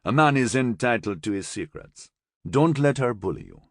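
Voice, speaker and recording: A man voicing an older, relaxed, genial musician who talks in an easygoing, gently teasing way. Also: medium pitch, moderate pace, no room sound, studio quality, pitched above the performer's own voice.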